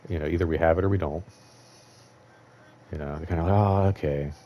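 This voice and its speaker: A man's voice: very deep voice, fairly even intonation, fast, lo-fi sound, a little hiss or hum. A man in his thirties hosting his own show, telling work stories in a rambling, profane monologue full of fillers. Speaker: show host.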